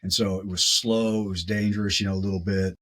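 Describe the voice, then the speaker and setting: Husky-voiced man telling a story. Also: low voice, fast, low-quality recording. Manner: animated, repeats words as he tells a story. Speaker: podcast guest. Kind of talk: casual storytelling.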